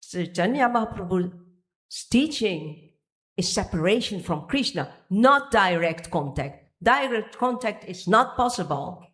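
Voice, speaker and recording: A woman's voice: mid-range voice, animated, unhurried, fairly bright tone. Woman giving a devotional temple lecture. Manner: searching for pages, restarting phrases. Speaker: speaker giving a temple class. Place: temple hall.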